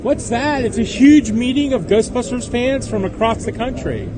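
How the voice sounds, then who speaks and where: Middle-aged fan interviewed outdoors, high-ish voice, traffic noise. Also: male voice, normal speed. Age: older. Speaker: fan club member. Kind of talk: street interview. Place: city street outdoors.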